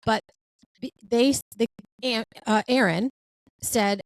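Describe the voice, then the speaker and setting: A woman's voice: fairly high pitch, takes it slowly, dry recording, low-quality recording. Chatty woman podcast host, dry sound. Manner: chatty, many fillers and restarts. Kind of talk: casual interview chat.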